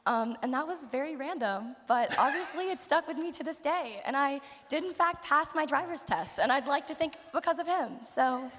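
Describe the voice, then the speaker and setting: A woman's voice: sits high, lively intonation, normal speed, hardly any pauses, a bit bright, a little hiss or hum. Chatty teenage girl with lots of "like". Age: late teens. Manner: chatty, fills with "like". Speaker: high school senior on a panel. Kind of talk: chatty storytelling. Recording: echoey hall.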